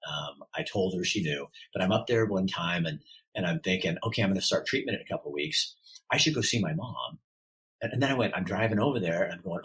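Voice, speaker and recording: A man's voice: sits low, lively intonation, fast, fairly bright tone, husky, low-quality recording. A middle-aged man telling a personal story as a podcast guest. He speaks from the heart and often halts and restarts his sentences.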